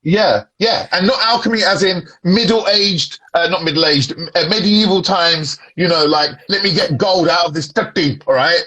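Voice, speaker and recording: A man's voice: high-pitched, moderate pace, hardly any pauses, pushed and bright. A man joining a casual livestream chat over a video call as the guest, playful and laid-back, trading jokey banter.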